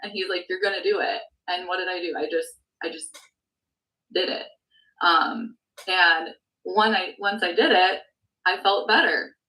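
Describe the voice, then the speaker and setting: Woman, slightly low voice, earnest, filler-heavy, emotional testimony, team call. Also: unhurried, long pauses, bright, forceful tone, recorded from a distance, poor audio. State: close to tears at times. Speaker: insurance sales producer.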